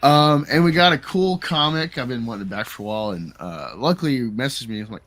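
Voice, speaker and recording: A man's voice: medium pitch, lively intonation, fast, fairly bright tone. A man hosting his own livestream, talking loosely with many fillers. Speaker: streamer host. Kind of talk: casual livestream chat.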